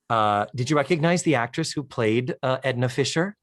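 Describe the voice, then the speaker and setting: A man co-hosting a podcast, retelling a sitcom episode with animated storytelling, acting out its lines and swearing for comic effect. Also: mid-range voice, moderate pace, few pauses, dry recording, clean studio sound. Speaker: podcast co-host. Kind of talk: casual recap chat.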